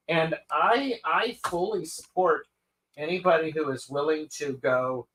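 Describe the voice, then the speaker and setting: A man's voice: on the high side, unhurried, fairly bright tone. A man co-hosting a live tarot show, chatting casually and reading out viewer comments. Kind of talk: casual chat on a live stream.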